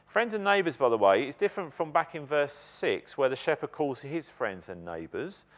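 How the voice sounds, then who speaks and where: A man preaching a sermon in a church, emphatic and animated, putting questions to the congregation. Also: a little high, normal speed.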